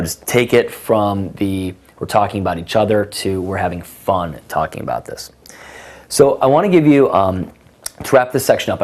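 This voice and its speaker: A young man talks through dating advice in a loose, casual way, his voice sitting a bit low. He leans on fillers and restarts and slips into acted bits of conversation to show his point. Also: a little mellow. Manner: casual, filler-heavy, acts out both sides of conversations. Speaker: dating coach. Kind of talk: instructional monologue with acted example lines.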